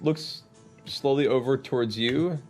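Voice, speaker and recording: A man running a tabletop game as game master, narrating with quick shifts into character voices. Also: medium pitch, faint music behind.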